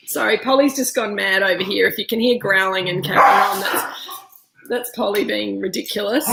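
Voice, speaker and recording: Woman, casual tasting-class host, a little high, gravelly edge, talks through mouthfuls. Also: fairly bright tone. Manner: chatty, talks while chewing and eating. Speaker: winemaker leading a virtual tasting.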